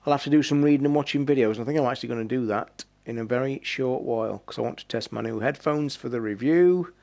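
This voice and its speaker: Tired British male streamer, gravelly voice, rambling casual chat. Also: mid-range voice, fast, darkish tone. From Britain. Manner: rambling, chatty, swears casually. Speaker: game streamer.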